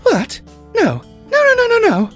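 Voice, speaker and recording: A high, swooping unicorn mare full of elegant drama. She pleads and frantically demands answers, her voice soaring and dipping wildly. This is an audiobook character voice. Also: huge pitch swings, a little slow, a bit bright, faint music behind, heavily acted. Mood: stricken.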